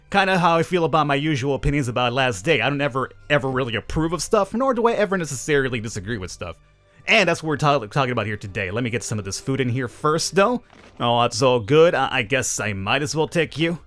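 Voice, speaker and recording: A man's voice: mid-range voice, expressive, a little fast, fairly bright tone. A man hosting a casual let's-play commentary, playful and sarcastic, asking his viewers rhetorical questions over game music. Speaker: gaming channel host.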